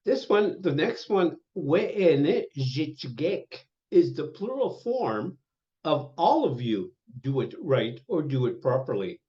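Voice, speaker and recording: Slow, patient older male language teacher. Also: on the high side, big pitch swings, warm tone. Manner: slow, patient, repeats each word several times. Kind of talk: online language lesson. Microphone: video call. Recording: dull lo-fi webinar audio.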